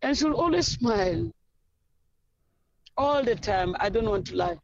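A South African woman coach tells her stories in a rambling, effusive flow, circling back to names and details. Her voice sits at an ordinary middle pitch. The recording is dull and somewhat lo-fi. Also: animated, a little slow, vocal fry, dry recording. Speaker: football coach. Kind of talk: interview answers.

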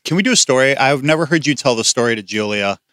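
Szybko mówiący prowadzący, który się droczy. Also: male voice, mid-range voice, animated, a bit bright, dry recording, studio quality. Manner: ribbing, quick-talking. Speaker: host. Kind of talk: casual radio chat.

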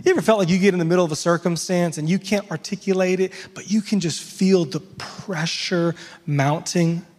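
A male pastor with a high voice delivers an emphatic sermon, breaking into lively everyday asides. His voice rings out with a long reverb tail, as in a church sanctuary. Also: moderate pace.

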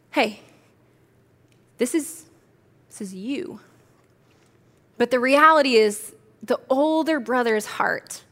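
Bright, high-voiced woman preaching. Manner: animated storytelling, acting out quoted characters. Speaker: pastor. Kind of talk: sermon.

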